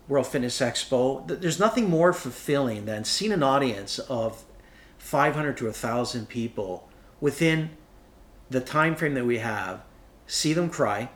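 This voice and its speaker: A man speaking as an inspirational speaker, passionate and emphatic, his voice rising to high peaks as he gets carried away. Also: animated, a little slow. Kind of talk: enthusiastic motivational talk.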